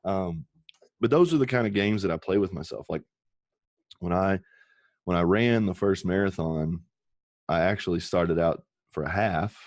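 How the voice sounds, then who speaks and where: Podcast guest, male, very low voice, earnest and emotional storyteller, dry close mic. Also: moderate pace, pauses often, no echo. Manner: earnest, emotional, swears casually.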